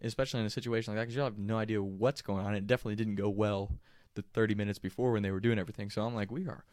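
A young man telling a story casually, animated and profane, often laughing mid-telling. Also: lowish voice, racing, no room sound, studio quality.

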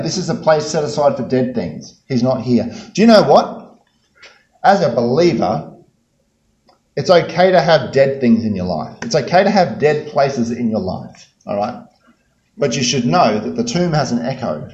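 A man preaching a sermon, emphatic, repeating key phrases and swinging between loud bursts and hushed lines. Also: mid-range voice. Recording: roomy, dull-sounding hall recording.

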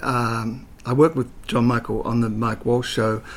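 An older man appears as an interview guest, spinning chatty anecdotes packed with fillers and hesitations. His mid-range voice keeps a level tone and a measured pace, and he slips into voices now and then.

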